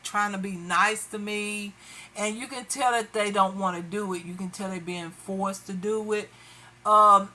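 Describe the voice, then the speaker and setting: A woman's voice: mid-range voice, bright, forceful tone. A woman doing her makeup on camera while venting in casual, rambling chat full of fillers. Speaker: beauty vlogger.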